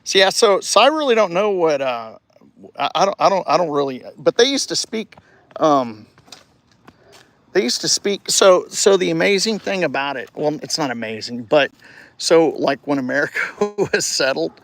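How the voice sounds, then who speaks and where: A man casually livestreaming from a residential street, cheering a child on and rambling with halting restarts into his phone. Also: fairly high pitch, expressive, fairly bright tone, no room sound. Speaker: vlogger livestreaming. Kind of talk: casual live-stream chat.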